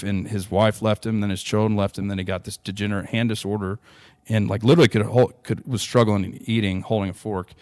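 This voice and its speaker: A man's voice: lowish voice, a little mellow, no echo. A young adult man, earnestly telling a long personal story in a podcast interview, with frequent restarts. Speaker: interview guest.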